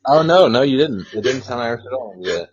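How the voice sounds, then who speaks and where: A man's voice: medium pitch, expressive, brisk, breathy edge. A man being interviewed as a guest actor, easygoing and rambling in casual chat. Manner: easygoing, rambling with fillers and repeats. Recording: lo-fi dull audio.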